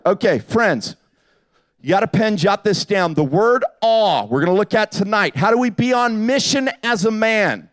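A man's voice: sits high, moderate pace. A middle-aged man preaching to a live audience, telling jokey stories and acting out the people he quotes. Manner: animated, jokey, acts out quotes with voices. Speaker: pastor. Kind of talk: humorous sermon storytelling.

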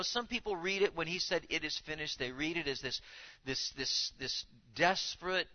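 A man's voice: a little high, lo-fi sound. A man preaching a sermon in an earnest way, building to emphatic lines and repeating words as he goes. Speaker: pastor.

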